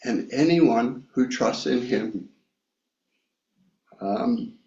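Guy preaching a sermon real slow, lots of ums, echoey room. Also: medium pitch, lively intonation, warm tone. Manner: slow, reflective, with frequent pauses and fillers. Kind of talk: sermon, Bible reading and personal story. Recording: echoey room, slightly dull sound.

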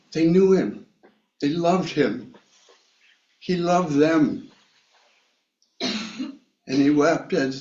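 A man preaching a sermon, reading scripture and sharing a personal story in a reflective way with many pauses and fillers. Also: a little high, a little mellow. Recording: echoey room, slightly dull sound.

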